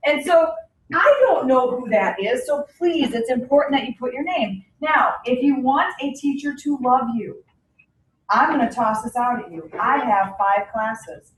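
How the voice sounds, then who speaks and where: A woman teaching a class, telling lively anecdotes and acting out the people in them. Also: sits high, measured pace, a little hiss or hum. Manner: animated, acts out anecdotes. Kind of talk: classroom lecture. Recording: echoey classroom from far off.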